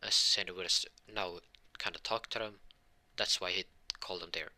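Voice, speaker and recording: A man's voice: low-pitched, fairly even intonation, normal speed, pushed and bright. A young man telling a fan-made story in a casual, rambling way, often restarting sentences.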